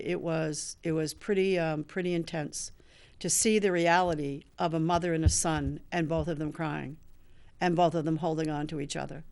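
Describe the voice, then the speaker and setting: Her voice is low-pitched and gravelly. An older woman in recovery and a show host, she tells a personal story with earnestness, voicing the dialogue of the people involved.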